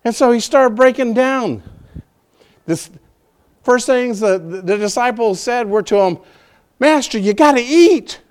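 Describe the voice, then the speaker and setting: A man preaching a sermon, telling a story with animated energy and acting out its scenes. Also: very high voice, measured pace, long pauses, clean tone.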